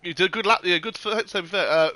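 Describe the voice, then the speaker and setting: A man giving casual sim racing commentary, excitable, laughing often and swearing freely. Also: high voice, quick pace. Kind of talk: casual esports race commentary.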